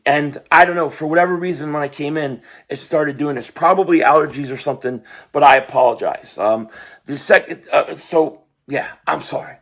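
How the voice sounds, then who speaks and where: A man with a hoarse voice giving casual, opinionated sports commentary as the host of his own channel, rambling with restarts and fillers. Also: fairly high pitch, normal speed, a bit bright.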